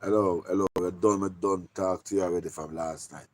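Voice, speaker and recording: Deep-voiced Jamaican man chatting on a live stream. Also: fairly even intonation, brisk, a little mellow. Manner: loose patois talk, repeating "big up" and "yeah, man". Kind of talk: casual live-stream chat with shout-outs.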